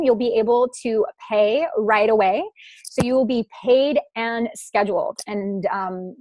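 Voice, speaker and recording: A woman hosts a live online class over a video call. She speaks slowly in a fairly high voice, encouraging and affectionate with the women listening. The sound is dry and close. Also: no echo. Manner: warm, encouraging, affectionate with the audience. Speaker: host of a live online masterclass. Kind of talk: live webinar Q&A.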